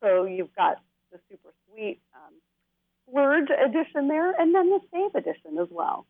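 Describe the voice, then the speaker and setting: A woman's voice: sits high, sing-song, no room sound. Upbeat woman on a tinny phone line. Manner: bubbly, enthusiastic, quick to laugh. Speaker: tech expert guest. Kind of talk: TV segment interview, product rundown.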